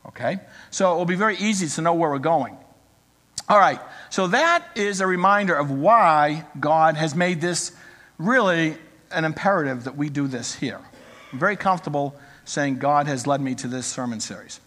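A man's voice: fairly high pitch, expressive, normal speed, pushed and bright. A man in his sixties preaching a sermon as pastor, talking conversationally and joking with the congregation. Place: church. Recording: reverberant church hall.

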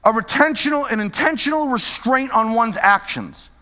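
A man teaching a conversational sermon, lively, often checking in with his listeners by asking "right?" and "okay?". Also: very high-pitched, normal speed, big-room sound. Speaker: Bible teacher.

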